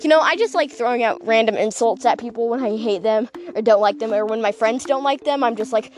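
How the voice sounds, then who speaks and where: A woman's voice: a little high, fairly quick, faint music behind. A woman hosting a casual solo podcast, telling a rambling, gossipy story with lots of laughing and self-deprecating, awkward asides. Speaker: podcast host.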